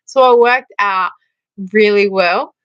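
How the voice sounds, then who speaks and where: A woman's voice: medium pitch, takes it slowly, clear, resonant tone, no echo, highs cut off. A middle-aged Australian woman hosting a casual livestream, chatting and telling funny stories. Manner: chatty storyteller, laughs often, reads out viewer comments. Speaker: livestream host.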